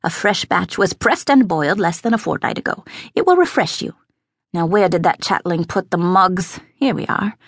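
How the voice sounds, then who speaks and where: A woman voicing a fussy, talkative female abbey cook who fusses and scolds. The cook chatters on and frets out loud. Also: lowish voice, expressive, moderate pace, breathy edge, no room sound, clean studio sound. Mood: chattering. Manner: busy, talkative, fretful, scolding.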